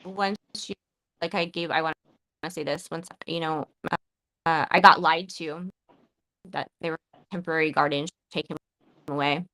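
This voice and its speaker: A woman's voice: sits low, fairly even intonation, normal speed, pauses often, sharp tone, dry recording, rough recording. A woman hosting a live podcast, talking in an emotional, profane way and often stopping and restarting her sentences. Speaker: podcast host.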